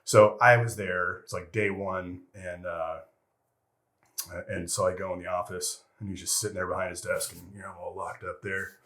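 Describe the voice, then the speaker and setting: A man's voice: low voice, flat delivery, moderate pace, a bit bright. A middle-aged man, a retired military veteran, telling stories as an interview guest in a rambling, profane way full of fillers. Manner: rambling and profane, heavy with fillers like "you know" and "freaking". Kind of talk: casual storytelling interview.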